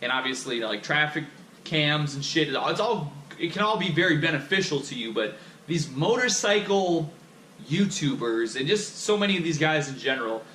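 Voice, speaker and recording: A man's voice: fairly high pitch, expressive, normal speed, sharp tone. A young man ranting in a casual monologue, swearing constantly and sounding heated and exasperated, recorded on an action camera. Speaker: vlogger. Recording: echoey room, faint background noise.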